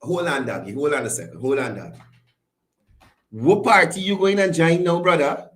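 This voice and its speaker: A man's voice: a little high, normal speed, reverberant. A man hosting a commentary show, chatting and greeting viewers by name. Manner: chatty, greets viewers by name, lively rising and falling delivery. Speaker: host. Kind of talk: casual call-in style commentary show.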